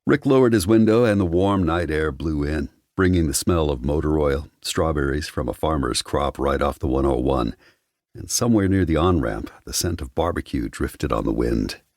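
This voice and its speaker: A man giving measured, wry scripted narration of an audiobook on a close studio mic. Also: a bass voice, animated, a little mellow, dry recording.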